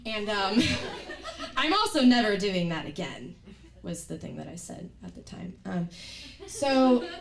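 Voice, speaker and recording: A young woman telling a comic personal story on stage, acting out scenes and yelling at the wild moments. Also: mid-range voice, a little slow, creaky, a crowd in the background. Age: young adult. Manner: animated, acts out scenes with loud yells. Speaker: student performer. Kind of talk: stand-up storytelling. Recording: roomy stage audio from a distant mic.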